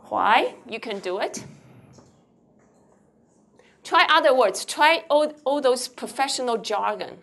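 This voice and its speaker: A woman's voice: on the high side, a bit bright. A woman lecturing a university class, switching between Mandarin with a Taiwanese accent and English, quizzing students as she explains. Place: lecture hall.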